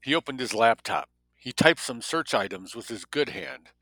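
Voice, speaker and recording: A man's voice: medium pitch, expressive, normal speed, gravelly, pushed and bright, no echo, poor audio. A man reading a novel aloud who breaks off now and then for wry spoken comments. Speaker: story reader.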